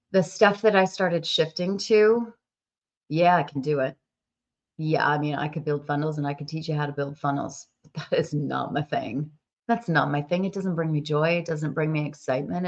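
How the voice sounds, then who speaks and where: A woman business coach, congested with a cold, talking emotionally and expressively to her followers on a live stream. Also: low-pitched. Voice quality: expressive, laughs often, swings between bright and soft. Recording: dull lo-fi live-stream audio.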